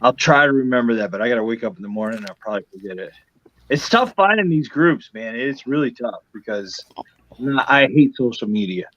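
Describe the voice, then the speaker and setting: A man's voice: medium pitch, lively intonation, a little fast, a bit bright. A man from Western Massachusetts chatting casually on a live panel in a laid-back, grumbling way. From Western Massachusetts, USA. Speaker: live stream panel guest. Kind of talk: casual chat. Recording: dry, dull lo-fi call audio.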